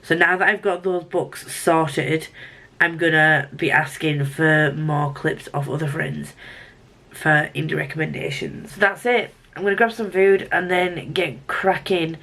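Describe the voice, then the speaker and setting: A woman's voice: deep voice, steady tone, a little slow, fairly bright tone. A woman book vlogger chatting casually about her reading, rambling and restarting her sentences. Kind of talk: casual vlog chat.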